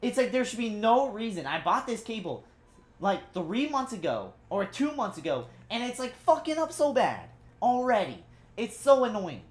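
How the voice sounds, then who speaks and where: Angry swearing woman streamer, lively pitch. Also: moderate pace. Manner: frustrated, swearing, talking to chat. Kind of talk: casual live-stream chat.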